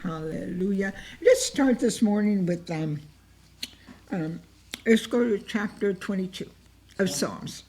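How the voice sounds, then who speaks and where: A woman's voice: mid-range voice, expressive, slow pace, darkish tone. A woman leading an informal Bible lesson, emotive and repetitive, often acting out heartfelt cries to God as she encourages her listeners. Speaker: Bible study teacher.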